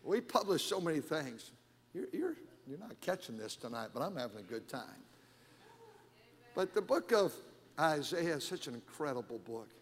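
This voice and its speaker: A middle-aged man preaching a sermon as pastor, animated and emphatic with frequent repetitions, in a church sanctuary. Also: fairly high pitch, normal speed, breathy edge. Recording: long hall reverb.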